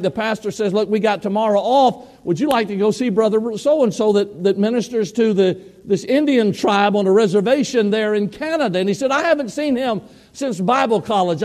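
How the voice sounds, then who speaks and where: A man preaching a sermon, telling a story in an animated way and acting out the people in it. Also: sits high, long reverb tail.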